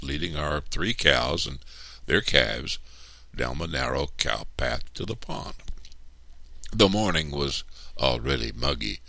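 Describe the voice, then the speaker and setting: Deep gravelly male storyteller. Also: dry recording. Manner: expressive, unhurried reading. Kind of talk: storybook read-aloud.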